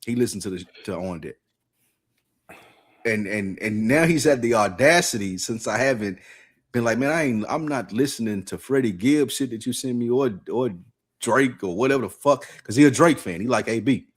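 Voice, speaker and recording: A man in casual podcast chat, telling a long story with a lively, rising and falling voice. He laughs often and breaks into other people's voices as he goes. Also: mid-range voice, moderate pace, breathy edge. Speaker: podcast co-host.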